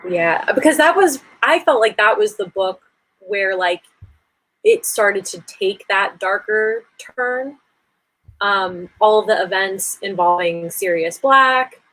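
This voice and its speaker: Relaxed woman chatting as a guest. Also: medium pitch. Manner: relaxed, thoughtful, many fillers. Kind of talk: casual livestream chat.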